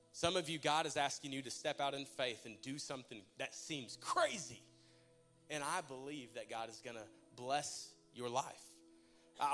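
A young man with a slightly bright, higher-pitched voice delivers a sermon mixing personal testimony and prayer. He's emotional and conversational, stumbling and restarting as he goes.

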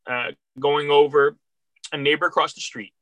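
A man's voice: fairly high pitch, steady tone, normal speed, fairly bright tone, dry recording. A middle-aged man from Philadelphia, a record store worker, tells stories in a rambling, heartfelt way with many restarts. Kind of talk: casual interview storytelling.

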